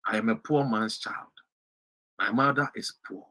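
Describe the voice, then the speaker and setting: A man from Ghana with a Ghanaian English accent, giving an impassioned political speech that swings from shouts to low, pointed emphasis. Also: a little slow. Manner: fiery, rising to shouts and dropping to low emphasis. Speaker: political commentator.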